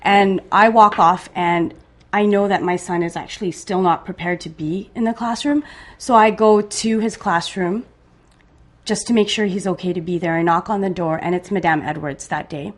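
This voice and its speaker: A woman from Canada, a parent guest, telling her story in measured detail in conversation. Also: fairly low pitch, fairly even intonation.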